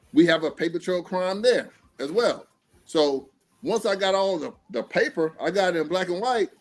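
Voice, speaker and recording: A man hosting a casual streamed talk show, speaking in an animated, profane way and acting out quotes. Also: sits high. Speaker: podcast host.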